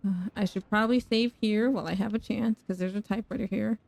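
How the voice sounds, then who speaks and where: A woman's voice: medium pitch, fairly even intonation, fast talker, vocal fry, darkish tone. A young woman streaming a horror game, talking to chat, laughing and shrieking at danger. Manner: talks to chat, self-mocking. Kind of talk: live gameplay commentary.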